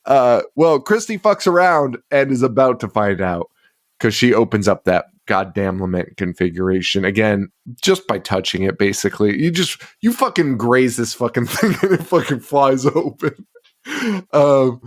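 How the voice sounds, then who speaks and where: A man's voice: mid-range voice, lively intonation, moderate pace. Foul-mouthed man rambling through a recap. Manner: heavy swearing, rambling with fillers. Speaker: podcast co-host. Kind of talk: casual movie recap chat.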